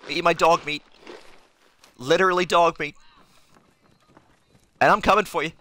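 Manic high-voiced young man streamer. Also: normal speed, sharp tone. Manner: manic, rambling, self-mocking. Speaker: gaming streamer. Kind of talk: in-character let's play commentary.

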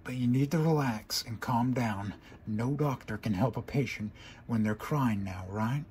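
A man's voice: medium pitch, measured pace, darkish tone, a little hiss or hum, close to an everyday voice. A man voicing a brash, tomboyish female pegasus pony who talks casually while trying to comfort a friend in a fan story reading. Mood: coaxing. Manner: coaxing, casual.

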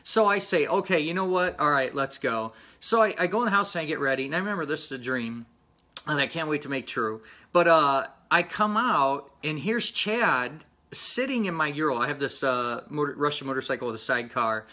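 Earnest, rambling man with a bright voice. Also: on the high side, animated. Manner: earnest, rambling, halting with many fillers. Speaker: motorcycle channel host. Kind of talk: casual personal vlog.

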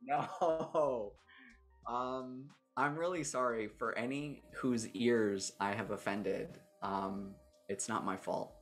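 A man's voice: medium pitch, steady tone, slow, soft background music. A man hosting a livestream, chatting casually and thinking aloud with a jokey, self-mocking manner as he shows off a character builder. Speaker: host demonstrating a character builder.

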